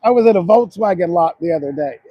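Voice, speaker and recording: A man doing a casual car walkaround on a dealership lot, loud and excitable, swinging between low murmurs and sudden shouts. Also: fast, slightly rough, muffled recording.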